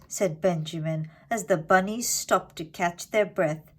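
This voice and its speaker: A woman narrating a children's storybook with an expressive, animated reading. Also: medium pitch, measured pace.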